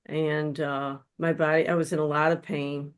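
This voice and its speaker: Her voice is deep and smooth, level in tone and moderate in pace. A spiritual counselor and webinar guest speaker, she offers an earnest testimony, telling her story confessionally through a webinar microphone.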